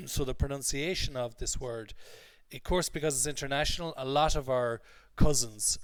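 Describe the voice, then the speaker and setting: This English teacher's clean, medium-pitched voice moves at a normal speed with hardly any pauses, in a dry recording. Recapping a lesson, he explains usage one step at a time, restates things, and asks "okay?" again and again.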